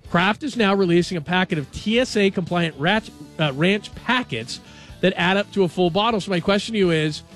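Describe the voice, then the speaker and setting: A man hosting a sports radio show, chatting casually and reading headlines in a jokey, animated way. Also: high voice, brisk, faint music behind.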